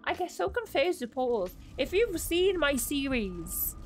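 A woman's voice: high voice, very animated, measured pace, soft background music. A young woman chatting casually while streaming a game, thanking viewers by name and laughing at her own confusion. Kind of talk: casual live-stream chat while playing.

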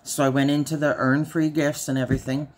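Husky-voiced, low-pitched woman. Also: flat delivery, fairly quick. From Canada. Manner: chatty and dry, with a lot of "I said". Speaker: haul vlogger. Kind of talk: casual storytelling.

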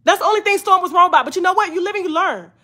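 A woman's voice: extremely high pitch, rapid-fire, pushed and bright. A woman hosting a gossip show, talking in heated casual commentary, profane and emphatic, repeating lines for emphasis.

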